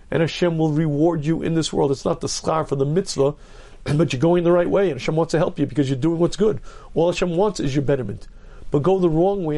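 A man, a rabbi, giving an earnest Torah lecture, stressing points by repetition and clearing his throat often. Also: fairly high pitch, mellow. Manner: earnest, emphatic, repeats key phrases.

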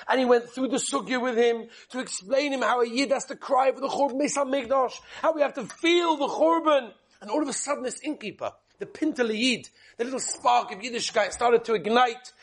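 A man preaching a Torah talk with a very high, husky voice. He tells a tale with lively rhetorical questions, dropping soft and then bursting loud for effect. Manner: animated, rhetorical questions, dramatic swings in volume. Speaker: rabbi giving a Torah talk. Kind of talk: sermon storytelling.

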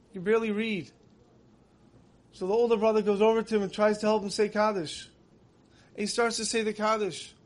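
Guy preaching a sermon, high voice, earnest storyteller. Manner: earnest storytelling, building emotion. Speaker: religious teacher.

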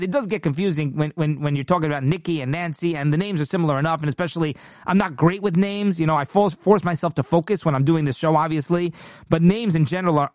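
High-voiced indignant man commentating. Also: dry recording, clean studio sound. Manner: emphatic, indignant, frequent restarts and mock-quoting voices. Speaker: political commentary host. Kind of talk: casual political commentary.

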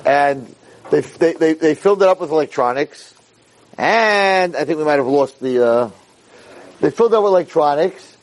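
A man teaches a Torah class as an animated storyteller, sprinkling in Hebrew terms and pushing his voice high for emphasis. He speaks at a moderate pace on a low-quality recording.

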